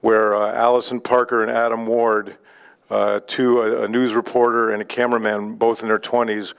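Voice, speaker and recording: A man's voice: fairly low pitch, level tone, moderate pace, gravelly, clean tone. A man hosting an open mic night, talking casually to the audience with many fillers and restarts. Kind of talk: casual emcee remarks. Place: live studio venue.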